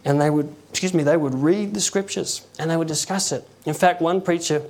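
Man, conversational preacher, halting delivery, acts out stories. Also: a little high, darkish tone. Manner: conversational, halting, with chuckles and acted quotes. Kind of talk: informal sermon.

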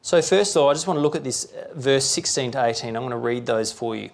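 A man's voice: mid-range voice, fast, creaky, few pauses. A man preaching a sermon, talking conversationally and checking in with rhetorical questions.

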